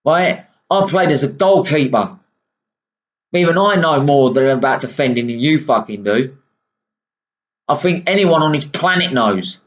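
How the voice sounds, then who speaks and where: A man's voice: on the high side, lively intonation, a little slow. A man ranting angrily about his football club, swearing often and tagging "right?" onto his sentences. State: unwell. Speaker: football fan vlogger. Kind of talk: angry ranting monologue. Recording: dull lo-fi sound.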